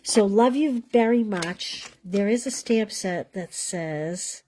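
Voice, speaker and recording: A woman's voice: mid-range voice, takes it slowly, dark tone. A woman hosting a live card-making class from home, chatting casually as she colors and assembles cards, often trailing off mid-sentence. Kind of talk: casual live craft demonstration.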